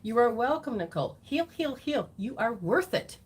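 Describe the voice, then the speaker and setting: Animated woman guiding a healing session. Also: fairly high pitch, moderate pace, breathy edge. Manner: animated, acts out reactions in quoted voices. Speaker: spiritual teacher and intuitive reader. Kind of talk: live-streamed teaching with readings.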